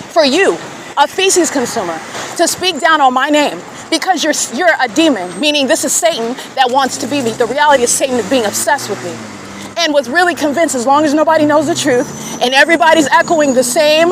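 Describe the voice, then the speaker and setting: High-voiced scornful woman outdoors. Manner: scornful, accusatory, emphatic. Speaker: podcaster. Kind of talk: confrontational monologue. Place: outdoors in an urban square. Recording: clear traffic noise outdoors.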